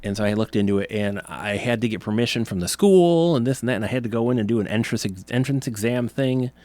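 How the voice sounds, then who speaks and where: A man's voice: mid-range voice, fast talker, a little mellow, no echo. A man in his forties hosting a podcast, telling childhood stories in a rambling, self-correcting way. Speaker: podcast host. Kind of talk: casual reminiscing monologue.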